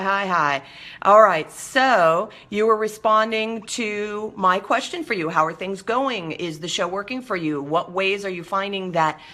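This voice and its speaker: A woman's voice: fairly low pitch, creaky, bright, forceful tone. A middle-aged woman hosting a live show, chatting casually with viewers and coaching them in a direct, firm way.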